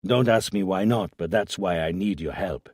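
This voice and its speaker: A man's voice: low-pitched, moderate pace, darkish tone, breathy edge, no room sound, studio quality. A man voicing a determined, insistent detective pressing a contact for help.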